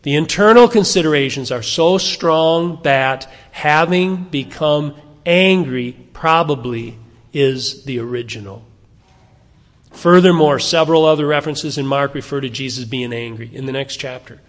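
A man's voice: on the high side, measured pace, big-room sound. A man preaching and teaching through a Bible passage, chatting and putting questions to his listeners. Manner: conversational, asking the listeners questions.

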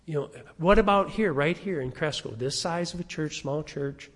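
In a church sanctuary with long, echoing reverb, an older pastor delivers a conversational sermon and asks his congregation questions. His voice is on the high side, at a normal speed.

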